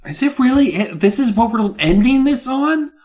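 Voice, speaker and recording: Lively, exasperated male podcast co-host. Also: extremely high pitch, normal speed. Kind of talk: casual chat.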